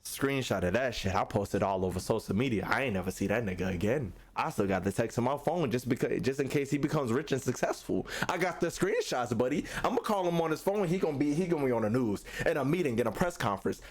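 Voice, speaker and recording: Animated young man telling a story. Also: mid-range voice, fast, hardly any pauses. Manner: animated, profane, acts out quotes. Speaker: streamer. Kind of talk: storytelling to chat. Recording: faint music behind.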